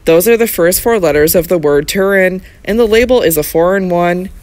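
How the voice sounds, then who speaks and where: A cool young barrister, as a narrator reads him, asking pointed questions in formal, polite phrasing. The voice stays mid-pitched and close, in a dry studio sound. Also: moderate pace, a little mellow, dry recording, close to an everyday voice. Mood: probing.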